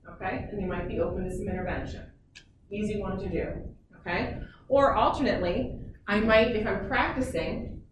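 Female psychologist, casual presenter, constant "okay?" check-ins; distant mic, reverberant hall, audible room noise. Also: medium pitch. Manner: chatty, peppered with "okay?" checks. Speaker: psychologist giving a parenting talk. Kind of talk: informal presentation to parents. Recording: echoey room, mic far off, noisy.

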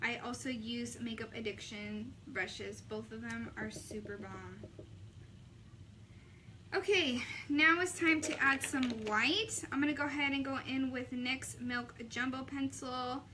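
A young woman vlogging a makeup tutorial, chatting casually with a sassy, animated way of telling stories. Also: on the high side, unhurried, noisy background.

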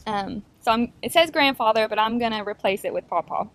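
A woman's voice: a little high, a little fast, hardly any pauses, fairly bright tone. A woman paying tribute to her father in a church, reading a poem earnestly while holding back tears. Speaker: daughter giving a tribute.

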